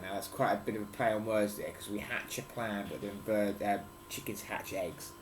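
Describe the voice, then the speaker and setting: A man's voice: on the low side, fairly even intonation, normal speed, few pauses, a little hiss or hum. A father reading a picture book aloud to his children at home, playfully explaining words and pointing at the pictures.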